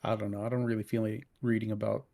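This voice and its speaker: Fast-talking and gravelly with a lowish voice, this man in his thirties co-hosts a podcast, telling a story in casual conversation. The telling is animated and profane, with lots of swearing and heated asides.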